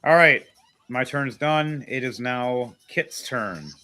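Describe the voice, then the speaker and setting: A man's voice: mid-range voice, slow pace, pushed and bright, slight background noise. A man running a tabletop role-playing game as game master, chatty and explaining the rules as he goes.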